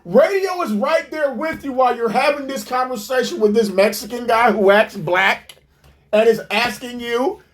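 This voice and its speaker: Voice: mid-range voice, normal speed. A commentator ranting in a mocking, profane, incredulous way while reacting to a clip.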